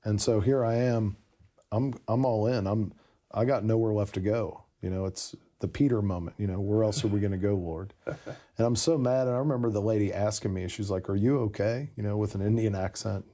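Gravelly low-voiced man telling his story. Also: fairly quick. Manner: animated, self-interrupting, many "you know" asides. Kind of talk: casual interview storytelling.

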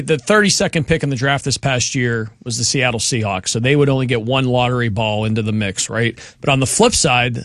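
A man's voice: mid-range voice, fairly bright tone, dry recording, clean studio sound. Chatty man hosting sports talk. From western Pennsylvania. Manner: chatty, lists facts with filler "uh". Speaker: sports talk show host. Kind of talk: casual sports chat.

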